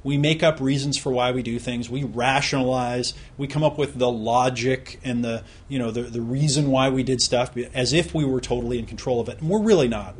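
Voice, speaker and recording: A man's voice: medium pitch, breathy edge. A man teaching a recorded self-help course on productivity, explaining in a conversational way with examples and questions put straight to the listener.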